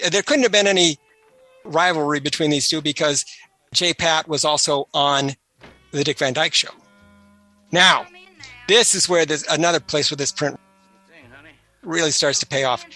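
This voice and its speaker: Bright, chatty man giving film commentary. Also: on the high side, measured pace, pauses often, soft background music. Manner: chatty, anecdotal, trivia-filled.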